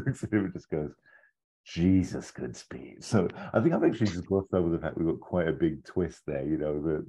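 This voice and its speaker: A podcast co-host with an extremely low, mellow voice tells a long made-up film plot during casual chat. He rambles, acts out quoted lines, and laughs along the way.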